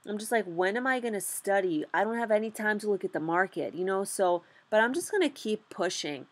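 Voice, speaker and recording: In a relaxed vlog, a young woman who's just starting out trading stocks gives a candid, lively rundown peppered with "like" and plenty of curse words. Her pitch sits in the middle range and she speaks fairly quickly.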